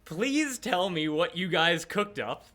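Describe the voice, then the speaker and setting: A man's voice: high-pitched, expressive, takes it slowly, pushed and bright, soft background music. A young man running a tabletop game as game master, narrating animatedly with lots of "uh" fillers and restarts.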